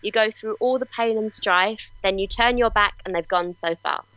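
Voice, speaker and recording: A woman's voice: mid-range voice, moderate pace, a bit bright, dry recording, poor audio. A woman hosting a quiz on a podcast, reading song lyrics aloud with laughing asides. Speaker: guest quiz host.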